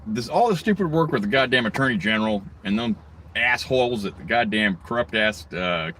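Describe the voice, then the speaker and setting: Ranting, swearing man with a forceful voice. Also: mid-range voice, lively intonation, brisk, a little hiss or hum. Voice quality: rambling, heavy swearing, mocking asides. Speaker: video blogger. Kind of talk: angry profane rant.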